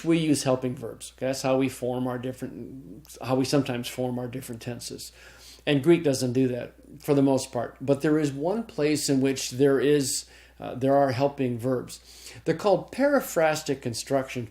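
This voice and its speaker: Greek grammar is the subject as a man with a medium, somewhat mellow voice lectures to a class on a recording. His delivery is explanatory and step by step, full of restarts, with regular "okay?" check-ins for his students.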